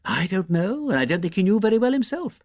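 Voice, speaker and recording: A man's voice: high voice, very animated, fast talker, a little mellow, dry recording, studio quality, pitched above the performer's own voice. A man voicing a reflective male scholar who talks in a musing, thoughtful way.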